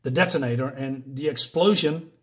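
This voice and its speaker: Excitable, hesitant man recapping a comic. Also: mid-range voice, normal speed. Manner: hesitant, many restarts and fillers; excitable, laughs at gory moments. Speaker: comic book reviewer. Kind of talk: casual plot recap.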